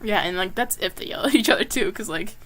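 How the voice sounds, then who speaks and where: A woman's voice: mid-range voice, fast talker. A woman and comic artist chatting casually while drawing on a live stream, talking with lots of fillers. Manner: chatty, many fillers, drifts into soft asides.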